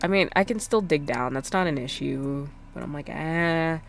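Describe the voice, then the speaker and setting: Woman, low voice, game streamer, casual rambling chat, filler-heavy, soft music underneath. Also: expressive, fairly quick.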